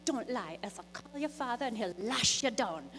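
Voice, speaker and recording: A woman's voice: fairly high pitch, expressive, normal speed, a little hiss or hum, voice pushed up. A woman putting on a stern scolding island mom. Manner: sharp, scolding. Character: stern Antiguan mother scolding her little son.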